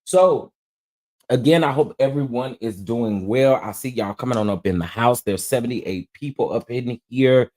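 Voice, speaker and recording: A man's voice: medium pitch, moderate pace, a little mellow. A man hosting a casual live stream, greeting viewers one by one in a drawling, affectionate way. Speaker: livestream host.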